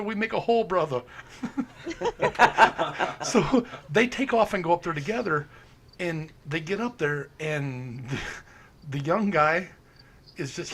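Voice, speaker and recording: Animated man telling ghost stories. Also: on the high side, husky. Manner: animated storyteller, acts out quotes, laughs often. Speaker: paranormal investigator. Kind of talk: casual storytelling chat.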